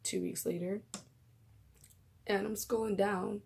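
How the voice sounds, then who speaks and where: A woman's voice: medium pitch, fairly even intonation, slow, vocal fry, a little mellow, slightly rough. A young woman vlogging casually about her faith, emotional and gushing, often dropping into whispers.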